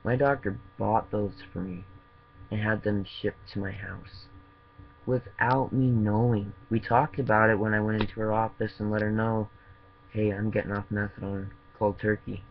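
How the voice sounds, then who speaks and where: Man with a gravelly, lo-fi voice. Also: fairly low pitch, little pitch movement, slight background noise. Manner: earnest, halting, fillers and restarts. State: tearful, voice breaking. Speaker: vlogger in opiate recovery. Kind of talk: personal video diary.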